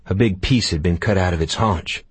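A man narrating an audiobook in a measured, unhurried storytelling manner. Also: low voice, slightly rough, no echo.

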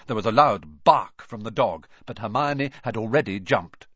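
A man reading a children's fantasy story aloud with expressive, dramatic narration. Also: medium pitch, unhurried, no echo, highs cut off. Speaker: audiobook narrator.

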